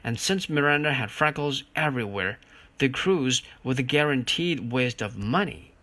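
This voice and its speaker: A man narrating an audiobook in an expressive, unhurried storytelling manner. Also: medium pitch, no echo. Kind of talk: audiobook reading.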